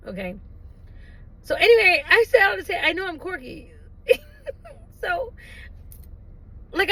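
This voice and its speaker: A woman's voice: high voice, poor audio. A middle-aged woman chatting casually to camera, telling a story with laughs and squealed quotes. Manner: animated, laughing storyteller who acts out her own squeals. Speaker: vlogger. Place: in a parked car.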